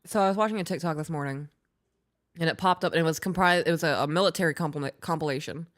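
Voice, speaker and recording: A woman's voice: deep voice, fast talker. A woman co-hosting a podcast in casual chat, talking bluntly with frequent swearing and laughing through her stories. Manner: blunt, profane, laughing while storytelling. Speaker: podcast co-host.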